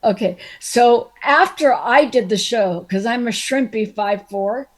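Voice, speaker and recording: A woman's voice: fairly high pitch, unhurried. An older actress chatting casually as a guest, telling rambling stories about a past role and sometimes losing her thread. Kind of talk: casual reminiscing conversation.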